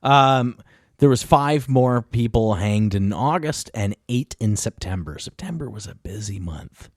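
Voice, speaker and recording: A man hosts a casual podcast, rambling along, often chuckling and correcting himself mid-sentence. His voice sits low but swings widely in pitch. The sound is dry and close to the mic. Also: expressive, measured pace, no room sound. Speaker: podcast host. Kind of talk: casual chat.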